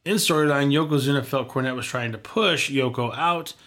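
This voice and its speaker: A man's voice: medium pitch, brisk, a bit bright. A man hosting a casual chat show, reading prepared notes and dropping wry quips. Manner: wry, reads facts with quips. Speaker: podcast host.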